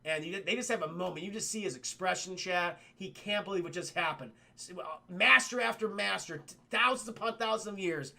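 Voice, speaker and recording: Bright, gravelly, high-voiced male streamer. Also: a little fast. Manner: excitable, profane, keeps addressing the chat. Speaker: streamer and film reviewer. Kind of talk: casual recap to a live chat.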